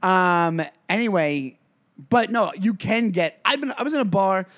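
Guy cohosting a comedy podcast, kinda high voice, rambly, keeps restarting his sentences. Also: animated, measured pace, a bit bright. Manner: rambling, self-correcting storyteller. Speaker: podcast co-host. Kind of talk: casual comedy podcast chat.

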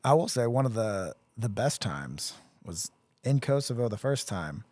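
A man's voice: mid-range voice, very animated, measured pace, darkish tone, no echo. Man rambling through army memories. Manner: rambling, self-correcting recollection. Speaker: podcast co-host, veteran. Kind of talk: casual chat.

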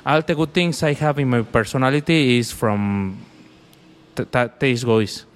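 Brief: young man, clear resonant voice, long reverb, halting storyteller. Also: mid-range voice. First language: Spanish. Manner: halting, searching for words in a second language. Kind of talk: personal storytelling in conversation.

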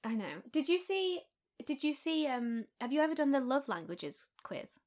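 Giggly young woman, lively voice. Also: sits high, moderate pace. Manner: giggly, rambling with frequent laughs. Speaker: podcast co-host. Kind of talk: casual chat.

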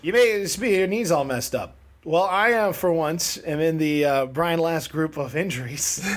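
A man's voice: fairly high pitch, moderate pace. A man co-hosting a casual music podcast, rambling with lots of laughter. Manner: animated, laughs often, rambling asides. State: neck and shoulder pain. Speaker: podcast co-host. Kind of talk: casual chat about music history.

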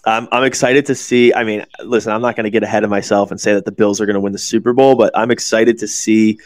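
A man's voice: lowish voice, fairly even intonation, quick pace, dry recording. A man in his forties hosting a casual podcast chat, rambling and swearing, with lots of restarts. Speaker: podcast host.

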